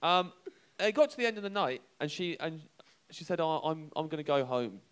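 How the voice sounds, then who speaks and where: A young man telling a comic anecdote on a live show, halting and self-deprecating, chuckling between lines. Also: fairly high pitch, lively intonation, clear, resonant tone. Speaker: comedian telling a story.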